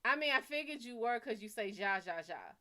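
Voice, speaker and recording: A woman's voice: fairly high pitch, a little fast, pushed and bright. A woman giving tarot readings on a live stream. She talks bluntly and casually, swears freely, and reads viewers' names and questions aloud. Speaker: tarot reader.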